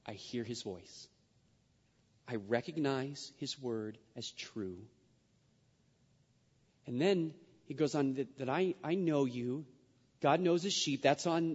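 Emphatic preacher in a reverberant hall. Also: male voice, mid-range voice, darkish tone. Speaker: pastor. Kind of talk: sermon. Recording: long reverb, dull lo-fi sound.

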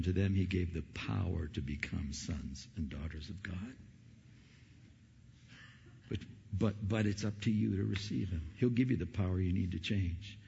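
A male pastor preaching an impassioned Christmas sermon, swinging between loud questions and low, soft appeals. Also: vocal fry, husky. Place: church sanctuary. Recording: dull, hall reverb.

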